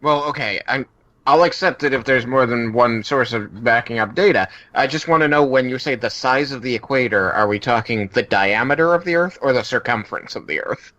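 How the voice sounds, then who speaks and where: A man's voice: medium pitch, fairly quick, pushed and bright, no room sound, highs cut off. A man co-hosting a casual podcast chat, running through the topic list with teasing wordplay. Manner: jokey, teasing, plays with words.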